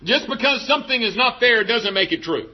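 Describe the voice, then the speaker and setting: High-voiced man preaching a sermon. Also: lively intonation, a little fast, muffled recording. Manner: emphatic preaching, rhetorical questions to the congregation. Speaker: pastor.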